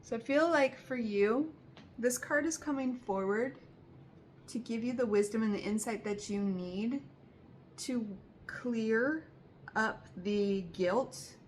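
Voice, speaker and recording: A woman's voice: a little high, slow, a little hiss or hum. A woman gives a tarot reading directly to her viewers in a soothing, reassuring voice. She takes her time over every phrase and often repeats herself as she goes. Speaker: tarot reader.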